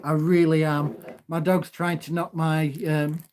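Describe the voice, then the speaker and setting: A man chatting loudly and cheerfully on a live stream from home into his phone, laughing often. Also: on the high side, level tone, measured pace, a little hiss or hum. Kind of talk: casual live stream chat.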